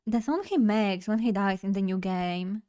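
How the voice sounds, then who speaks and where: A young woman chatting casually on a live stream, playful and loose as she talks straight to her chat. Her voice sits at a middling pitch for a woman, neither high nor low. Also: normal speed, mellow, clean tone.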